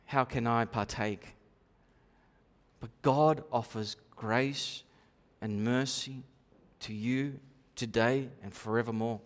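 A male pastor delivers an animated sermon, his voice rising to emphatic bursts and dropping to quiet asides. He sounds like he is in a church, with a long reverb trailing each phrase. His pitch sits in an ordinary middle range for a man. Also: slow. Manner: animated preaching with sudden loud and quiet swings.

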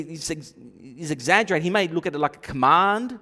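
A man preaching a sermon in a church, swinging between loud emphatic bursts and quiet asides. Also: on the high side, animated, brisk, hardly any pauses. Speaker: pastor. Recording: long reverb of a church hall.

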